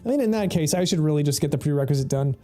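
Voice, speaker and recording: A man's voice: fairly high pitch, expressive, racing, warm tone, soft background music. Laid-back rambling man streaming a game. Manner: rambling, laughs often, swears freely. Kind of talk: casual gameplay commentary.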